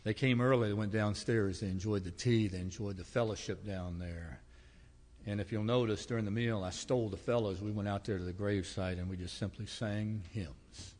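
A man preaching in a church, telling homespun stories with gentle humor. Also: lowish voice, fairly even intonation, moderate pace, big-room sound. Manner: folksy storytelling with humor. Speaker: pastor. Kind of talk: sermon. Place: church sanctuary.

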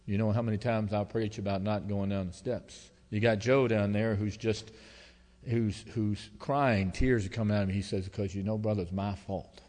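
Folksy pastor preaching in a reverberant church. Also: male voice, on the low side, steady tone, moderate pace. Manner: folksy, emotional storytelling with swings from loud to hushed. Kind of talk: sermon. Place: church sanctuary. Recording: long hall reverb.

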